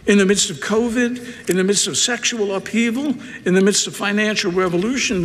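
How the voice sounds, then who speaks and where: A man preaching a sermon, talking conversationally, with dramatic swings from loud emphasis down to a hushed near-whisper. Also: high voice, long reverb tail. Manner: conversational asides and repetition. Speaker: pastor.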